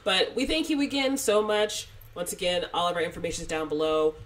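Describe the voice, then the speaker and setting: A woman co-hosting a podcast in casual chat, chatty and animated with self-mocking humor. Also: lowish voice, fairly quick, slight background noise. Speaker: podcast co-host.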